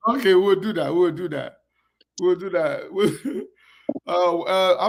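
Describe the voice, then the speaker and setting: Gravelly host greeting viewers. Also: male voice, a little high, unhurried. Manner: warmly greets viewers by name, one after another. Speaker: online show host. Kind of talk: casual live-stream chat.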